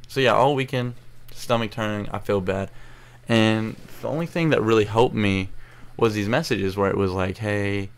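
A teenage boy telling a story to camera in a rambling, emotional way, recorded on an earbud mic at low quality. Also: normal speed. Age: teens. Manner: rambling, restarts often, emotional. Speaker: vlogger. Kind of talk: casual storytelling vlog.

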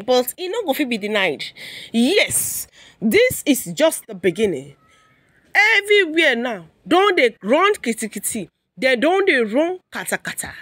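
Nigerian woman gossip vlogger, high voice, dry close mic, animated and teasing. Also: no echo. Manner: animated, chatty, mixing Pidgin and English with teasing exclamations. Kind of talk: casual commentary.

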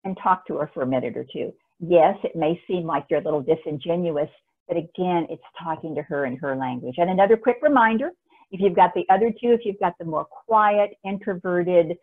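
A woman speaker giving an energetic, emphatic webinar talk on communication, recorded on a laptop mic. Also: fairly low pitch, a little fast. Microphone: laptop camera mic. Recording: tinny phone-like webinar audio.

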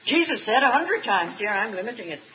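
Older woman giving a sermon, high voice, earnest, stretches out words for emphasis, muffled old tape sound. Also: very animated. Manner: earnest, slow emphatic stretches with light asides. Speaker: speaker at a Christian retreat. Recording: dull archival tape recording.

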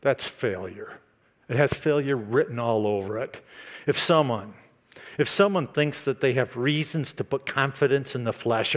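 A male pastor preaching a sermon, building to loud, emphatic declarations. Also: mid-range voice, moderate pace. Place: church service.

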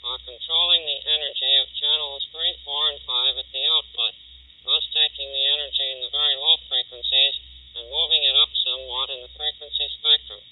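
A man reading a formal, measured technical narration for a demonstration, heard from an old transcription disc. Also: mid-range voice, steady tone, a little hiss or hum. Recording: tinny, narrow-band 1939 transcription disc.

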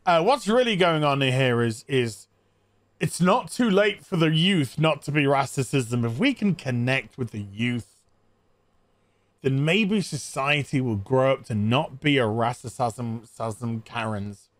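A man's voice: medium pitch, lively intonation, unhurried, no room sound. A man sarcastically recapping a bad movie for laughs, putting on silly voices for its characters. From England. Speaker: movie reviewer.

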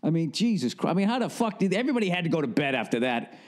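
A man's voice: fairly high pitch, very animated, racing. A middle-aged man with a Boston accent, ranting solo as a podcast host in a casual comedic monologue, profane and laughing often. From northern United States. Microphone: studio podcast mic.

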